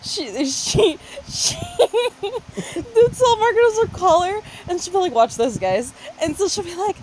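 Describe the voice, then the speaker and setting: A high-voiced woman whose pitch swings widely as she talks. She co-hosts a casual podcast, swears freely and breaks into laughter as she acts out the people in her stories. A faint noise sits under her voice. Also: very animated, unhurried, darkish tone. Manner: profane, laughing storyteller who acts out voices. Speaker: podcast co-host. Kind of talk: casual chat.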